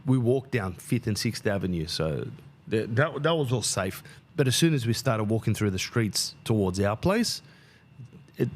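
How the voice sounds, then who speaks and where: A man in his thirties, casually telling a travel story on his podcast, swearing freely and acting out the people he met. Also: on the low side. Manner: animated, swears freely, acts out quoted people. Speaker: podcast host.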